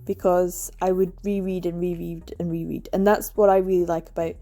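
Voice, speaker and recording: Scottish woman, book vlogger, warm mellow tone, enthusiastic casual chat. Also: on the low side, level tone, fairly quick, few pauses. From Scotland. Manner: chatty and enthusiastic, laughs often.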